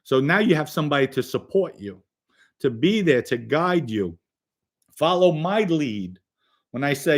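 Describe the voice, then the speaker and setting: A man with a voice of ordinary pitch tells stories in a loose, casual way. He talks bluntly and swears often, pressing hard on his points as he turns to speak straight to young listeners. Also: animated, normal speed. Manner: blunt, profane, emphatic; direct address to young listeners. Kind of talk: casual storytelling.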